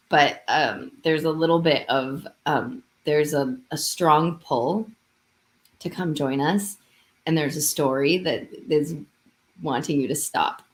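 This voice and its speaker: A woman coach on a live stream, talking gently and hesitantly as she guides listeners through a short reflection. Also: sits low. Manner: gentle, hesitant, yawning at times. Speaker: intuitive coach.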